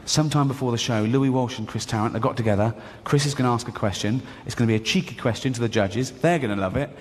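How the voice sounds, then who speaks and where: Performing before a live audience in a big hall, a man does stand-up at a quick pace with a medium-pitched voice, with slight background noise. He's animated, laughs a lot and voices the people in his story.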